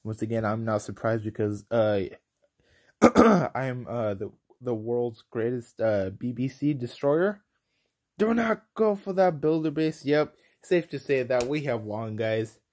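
Excitable young man narrating gameplay. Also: mid-range voice. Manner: excitable, rambling, quick to frustration. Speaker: gaming commentator. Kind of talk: casual gameplay commentary.

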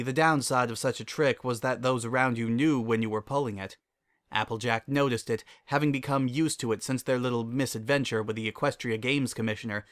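Male narrator for a fan-fiction reading, measured and even. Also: medium pitch.

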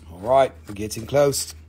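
A man hosting a live-stream crystal auction in casual chat, excitable and joking, swearing freely. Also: on the low side, a little hiss or hum.

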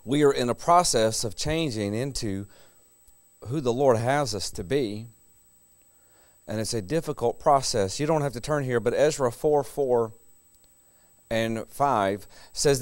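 A man's voice: medium pitch, a little slow, no room sound, clean studio sound. A middle-aged man preaching a sermon in a conversational way, chuckling between his points.

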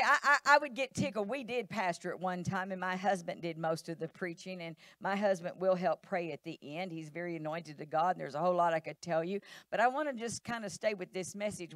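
A woman's voice: mid-range voice, dry recording, clean studio sound. A middle-aged woman pastor, preaching a sermon in a church, emphatic and repetitive, acting out quoted voices.

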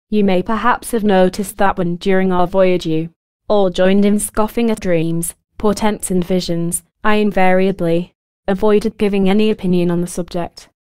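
A woman reading as a grave army officer with second sight, his words slow, low and firm, his telling of a dread vision smooth and clear in a dry, close audiobook sound. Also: darkish tone, no echo, close to an everyday voice.

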